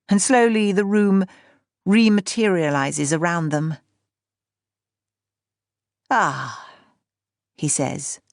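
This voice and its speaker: A woman narrating an audiobook in a measured, even reading. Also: fairly low pitch, creaky, dry recording, studio quality.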